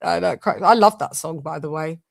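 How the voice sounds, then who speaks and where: A woman's voice: deep voice, brisk, vocal fry, no room sound. A woman hosting a boxing channel's live stream, chatting casually, thanking members and breaking into bits of song. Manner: chatty, sings snatches and shouts out members.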